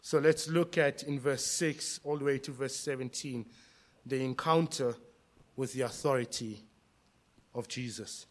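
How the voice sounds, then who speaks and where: A male pastor preaching a sermon, impassioned, swinging between hushed lines and loud cries. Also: medium pitch, fairly even intonation, a little slow.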